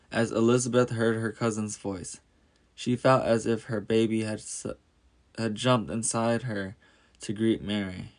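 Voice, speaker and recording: Low, gravelly male storyteller. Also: a little mellow. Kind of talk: scripted storybook narration.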